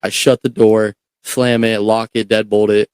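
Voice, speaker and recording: A young man recounts a story as a podcast guest, talking casually and swearing freely. His voice sits on the low side, and the recording is dry and close with no room sound. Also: a little slow, clear, resonant tone, no echo. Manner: animated, profane, repeats words.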